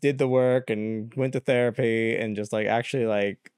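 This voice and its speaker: A young man hosting a solo podcast, talking candidly in a rambling way, full of fillers and quick laughs. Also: medium pitch, fairly even intonation, darkish tone, smooth, no room sound, studio quality. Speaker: podcast host. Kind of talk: casual solo podcast rant.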